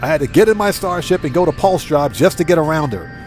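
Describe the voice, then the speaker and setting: Guy streaming a game, keeps cracking up at his own dad jokes, reads chat out loud, bouncy pitch, light music underneath. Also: animated, fast. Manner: giggly, telling dad jokes and laughing at them; reads chat messages aloud. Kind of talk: live gameplay stream chat.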